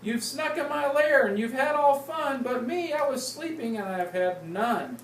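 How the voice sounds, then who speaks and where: A big bear, hurt and sulking, whines about missing the fun, as a woman reads him aloud. The voice jumps high above her own and comes from across an echoey room. Background noise hangs under it. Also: expressive, a little slow. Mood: whiny. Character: sulky big bear, woken and left out. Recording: roomy, distant, noisy home recording.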